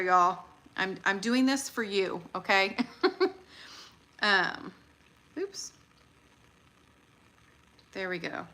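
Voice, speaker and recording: A woman chatting casually on a livestream, excitable and laughing often as she talks her viewers through what she is doing. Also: mid-range voice. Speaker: livestream host.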